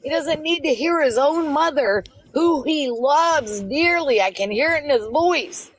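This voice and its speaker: A woman's voice: sits high, animated, measured pace, no room sound, low-quality recording. A middle-aged woman on a livestream, angrily confronting someone in an insistent, repetitive, scolding way. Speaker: livestream guest confronting host.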